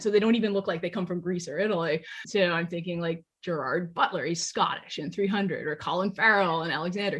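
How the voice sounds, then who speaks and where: Husky-voiced woman academic explaining. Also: lowish voice. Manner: articulate, lecturing explanations with wry asides. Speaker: guest archaeologist and classics professor. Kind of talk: podcast interview.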